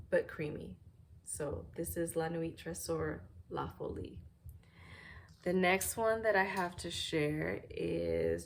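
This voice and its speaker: A woman reviewing fragrances in a casual, thoughtful way, often pausing with "um" while searching for words, at home near a fireplace. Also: fairly low pitch, slight background noise.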